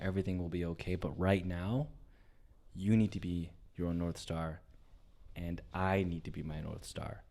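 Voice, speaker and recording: Animated low-voiced man telling a story. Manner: animated, swears a lot, swings from loud to hushed. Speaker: podcast co-host. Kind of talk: casual comedic storytelling.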